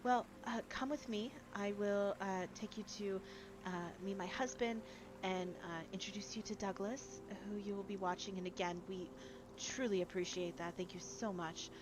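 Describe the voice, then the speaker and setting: A woman's voice: mid-range voice, fairly even intonation, moderate pace, background noise, natural voice. A woman voicing a flustered, apologetic woman professor who stammers politely.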